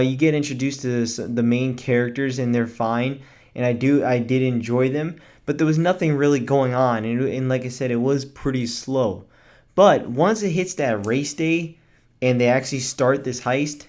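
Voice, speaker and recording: A man's voice: mid-range voice, darkish tone. Guy doing a laid-back movie review vlog, rambly, lots of ums and restarts, mid-range voice. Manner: chatty and rambling, with fillers and self-corrections. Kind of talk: casual spoken movie review.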